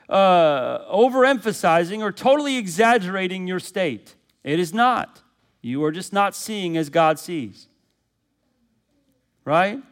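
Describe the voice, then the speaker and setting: A male pastor preaches with a noticeably high-pitched voice. He drives home his points by repeating phrases and asking the listeners questions. His delivery rises to loud, urgent peaks and sinks into low, quiet passages. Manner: preaching with emphatic repetition and rhetorical questions. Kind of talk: sermon.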